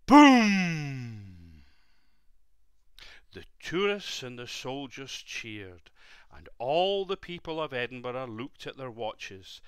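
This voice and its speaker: A man reads a children's story slowly and gently, his bright, clear voice rising and falling in a lively way. He pauses to ask the young listener questions, and the dry, close sound keeps him intimate. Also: medium pitch, no echo. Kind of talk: bedtime story reading.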